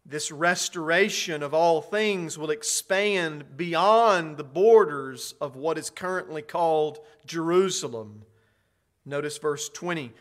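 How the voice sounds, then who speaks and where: A middle-aged man preaching a sermon, reading scripture and explaining it, slow and emphatic, swelling into loud declarations. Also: a little high.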